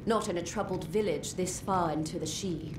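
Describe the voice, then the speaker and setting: A woman's voice: fairly low pitch, moderate pace, close to an everyday voice. Woman playing a plain-spoken village blacksmith, echoey game audio, distant, noisy.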